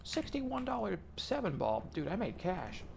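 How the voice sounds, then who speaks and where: A man's voice: high-pitched, huge pitch swings, normal speed, creaky, slight background noise. A man streaming a video game, talking casually and wryly to his friends on a close mic. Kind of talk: casual gaming chat. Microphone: desk mic close up.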